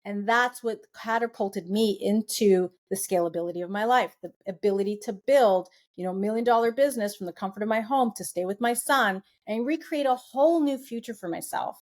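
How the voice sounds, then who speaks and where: A middle-aged woman talking as a guest, recounting a personal story in a conversational way. Her pitch sits in an ordinary middle range, and she brings the people in her story to life by voicing their lines. She laughs now and then as she tells it. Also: a little fast, hardly any pauses. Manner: animated, acts out quoted voices.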